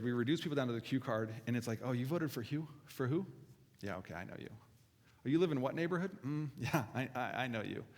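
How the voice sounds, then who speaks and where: A man preaches from a church stage in a conversational way, earnest and quick to poke fun at himself. His voice sits a little high. Every line trails off into the long reverb of the hall. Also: fairly bright tone. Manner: earnest, self-deprecating, with asides to the congregation. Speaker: pastor. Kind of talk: conversational sermon. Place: church auditorium.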